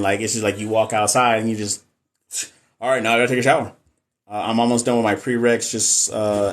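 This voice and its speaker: A man's voice: mid-range voice, slight background noise. A man from Texas, chatting casually and jokingly on a live stream as a nurse educator, reading and answering viewer comments.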